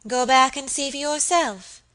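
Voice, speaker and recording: A woman's voice: fairly high pitch, lively intonation, normal speed, pushed and bright, low-quality recording. A woman playing a cold, scornful noble lady. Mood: stern. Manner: cold, hard and commanding.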